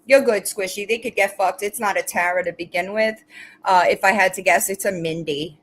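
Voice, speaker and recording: Talking briskly in a steady, fairly bright mid-range voice, a livestream host speaks straight to her audience. She's blunt and profane as she mocks the commenters, then coos baby talk at her pets, all on a low-quality recording.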